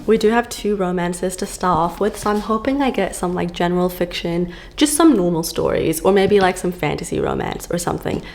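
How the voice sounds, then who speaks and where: A woman's voice: on the low side, brisk, hardly any pauses, darkish tone. A woman book vlogger chatting casually to camera, gushing and full of fillers, filmed at home on a camera on a stand.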